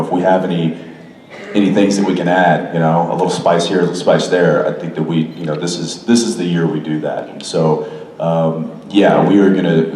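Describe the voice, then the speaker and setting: Deep man, convention panel answers, earnest with dry teasing, roomy hall, faint hum. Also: dark tone. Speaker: actor on a fan convention panel. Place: large convention hall stage. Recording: echoey convention hall, mic far off.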